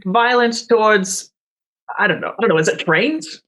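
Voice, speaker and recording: A man's voice: sits high, moderate pace, fairly bright tone. A man voicing a tough, no-nonsense woman who runs a train and lays down the rules. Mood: blunt. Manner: gruff, blunt orders.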